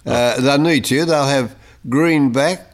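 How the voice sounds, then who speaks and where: A man's voice: medium pitch, slow. A man hosting a talk radio show, teasing his guest in dry banter.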